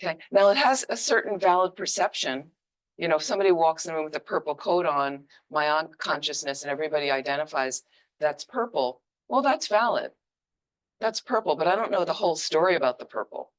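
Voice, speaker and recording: A woman giving an informal, conversational dharma teaching with emphatic, lively asides. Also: sits low, a little fast. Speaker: Buddhist teacher.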